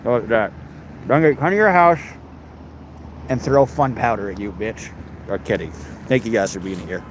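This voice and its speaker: Speaking fast in an animated, mid-range voice, a man runs a casual livestream where he reads out comments. His jokes are crude and mock-threatening, and the audio carries a noisy outdoor background.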